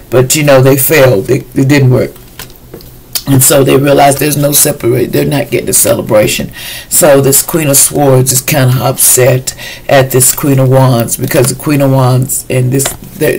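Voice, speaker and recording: A man's voice: mid-range voice, darkish tone, a little hiss or hum, low-quality recording. A man giving a casual weekly tarot reading, chatty and slangy, talking straight to his viewers. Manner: chatty, loose and slangy, addresses viewers directly. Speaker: tarot reader.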